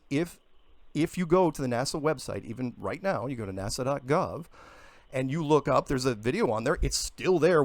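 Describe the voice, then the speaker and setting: A man arguing his case in a heated radio debate, insistent and quick to interrupt, breaking into emphatic outbursts. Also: medium pitch, dry recording. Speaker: flat earth guest.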